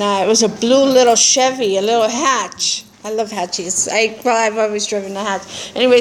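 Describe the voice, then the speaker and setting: A woman's voice: on the high side, slight background noise. A woman giving personal testimony at a recovery meeting, telling her story in a blunt, earthy way and laughing often. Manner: animated storytelling with frequent laughter. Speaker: speaker sharing at a recovery meeting.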